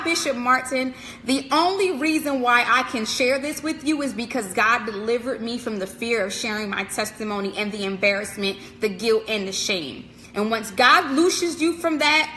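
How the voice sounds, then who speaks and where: High, bright, emphatic woman preacher. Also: long reverb tail, slight background noise. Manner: emphatic, repetitive preaching cadence, direct address. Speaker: motivational speaker. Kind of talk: live-streamed inspirational message.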